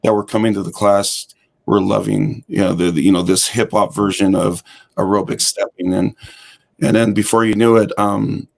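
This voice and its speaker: A man's voice: lowish voice, moderate pace, vocal fry. A man guest on an interview show, telling his story casually and acting out the dialogue he quotes. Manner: animated storyteller who acts out quoted dialogue. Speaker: guest, hip hop fitness instructor.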